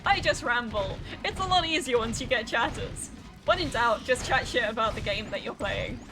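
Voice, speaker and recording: A woman's voice: a little high, animated, moderate pace, music in the background. A young woman, chatting casually and swearing now and then while she streams a video game. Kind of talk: casual rambling while gaming.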